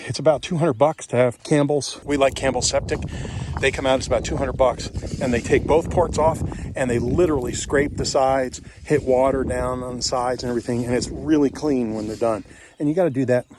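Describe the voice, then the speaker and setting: A folksy middle-aged man from Kentucky talks through a property tour, joking as he walks and sounding a little out of breath. His voice sits at an ordinary middle pitch, and a faint hiss of background noise runs under it. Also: darkish tone. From Kentucky, USA. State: winded from walking uphill. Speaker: real estate investor vlogger. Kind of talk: casual walking home tour. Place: outdoors and inside a house on a property tour.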